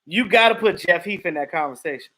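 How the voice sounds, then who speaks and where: Man, live stream host, high voice, bright and forceful, animated casual chat. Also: fast, poor audio. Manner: animated, laughs often, acts out quotes. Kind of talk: casual chat reacting to viewers.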